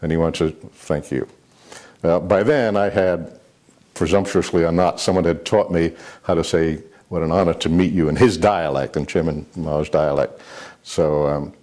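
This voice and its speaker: A man's voice: deep voice, darkish tone. An older man, a former military aide, answering interview questions with rambling anecdotes, many fillers and restarts.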